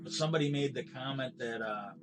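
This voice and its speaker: Middle-aged guy ranting while he games, swears a lot, bitter and rambly, music playing loud behind him. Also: medium pitch, fast talker. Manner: profane, bitter, rambling with restarts. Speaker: game streamer. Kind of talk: casual ranting storytelling while gaming.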